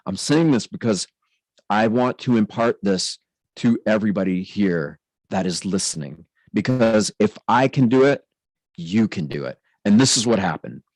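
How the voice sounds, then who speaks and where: Man hosting his own channel, earnest testimony, low voice, dry close sound. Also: lively intonation, moderate pace, darkish tone, no echo, poor audio. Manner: earnest, intense, speaks in spiritual terms. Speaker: spiritual channel host. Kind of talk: personal testimony monologue.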